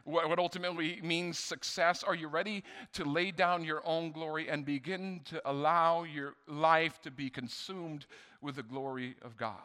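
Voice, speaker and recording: A male pastor delivers an impassioned sermon with a bright, forceful tone that carries through a long church reverb. He pushes hard on his appeals, then drops to a hushed intensity, stumbling over quick restarts as he goes. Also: fairly high pitch, steady tone. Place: church sanctuary.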